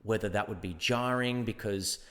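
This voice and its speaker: Brief: Australian man, lowish voice, rambling guest chat, long hall reverb. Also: moderate pace, a bit bright. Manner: rambling, thinks aloud with restarts. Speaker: guest actor. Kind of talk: casual podcast chat.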